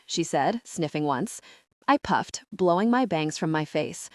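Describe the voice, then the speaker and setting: Expressive woman narrating an audiobook. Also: low voice, measured pace, no room sound, clean studio sound. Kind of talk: first-person audiobook narration.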